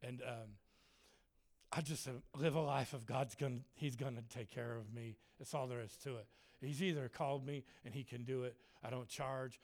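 A man's voice: mid-range voice, normal speed. A man preaching a humorous sermon, telling stories with lots of laughter and playing out other people's voices. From Germany. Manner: jokey, animated, laughs a lot, acts out voices. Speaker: traveling preacher and worship leader.

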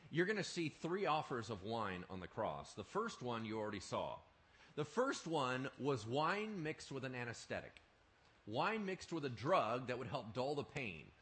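A male pastor preaching a sermon in an animated, emphatic way, often asking his listeners questions. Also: mid-range voice, moderate pace.

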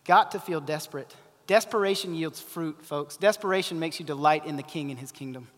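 Man, pastor preaching, high voice, impassioned, long hall reverb. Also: a little fast. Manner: impassioned, swings from loud urgency to hushed pleading. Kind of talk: sermon.

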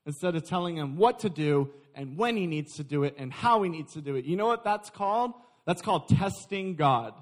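A young adult man preaching a sermon, lively and joking with his congregation. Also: fairly high pitch, fairly quick, hardly any pauses. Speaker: pastor.

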